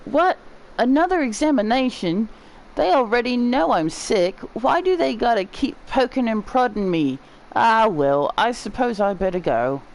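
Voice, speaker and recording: A woman's voice: on the high side, animated, a little slow, voice pushed up, low-quality recording. Woman voicing a whiny sick boy with a put-on accent. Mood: weary. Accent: put-on unnamed accent.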